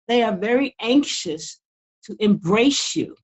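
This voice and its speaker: A woman's voice: on the high side, expressive, a little slow, rough recording. An older woman, a guest in a casual interview, talking earnestly and often repeating words as she builds her point. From United States. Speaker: guest author.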